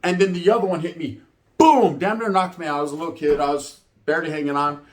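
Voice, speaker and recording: Speaking quickly at a fairly high pitch, this man in his forties hosts reaction videos. He shares a story and his views in loose, foul-mouthed street talk, frequently ending lines with "right?"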